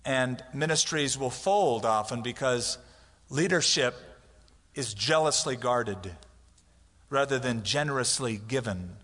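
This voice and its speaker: In a church sanctuary with hall reverb, a male pastor delivers a conversational sermon with humorous asides, acting out the people in his stories. His medium-pitched voice is expressive, slow and a bit bright.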